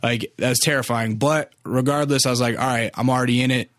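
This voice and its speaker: A man's voice: medium pitch, fairly even intonation, brisk, fairly bright tone, no echo, studio quality. A young man casually telling a long story, rambling and cursing freely, with lots of filler words. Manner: rambling, profane, filler-heavy.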